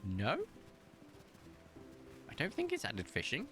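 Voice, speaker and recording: A British man chatting his way through a game stream, his pitch swinging up and down as he rambles and laughs. He reads viewer comments aloud in a loose, friendly way. Quiet game music plays underneath. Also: huge pitch swings, takes it slowly. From Britain. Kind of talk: casual live-stream chat while gaming.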